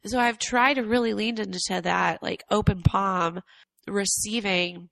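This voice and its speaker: A woman's voice: mid-range voice, fairly even intonation, unhurried, gravelly, fairly bright tone, no room sound. A young adult woman telling her story reflectively in a casual podcast chat, her voice cracking from allergies. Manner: reflective, earnest storytelling with many fillers. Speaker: guest. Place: Atlanta.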